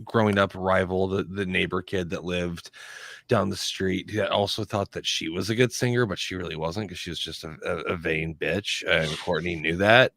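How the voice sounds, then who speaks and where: A man tells his character's backstory at a game table, rambling with many pauses and fillers. His voice is very low yet bright and edgy. It is recorded dry and close. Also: no echo. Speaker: player.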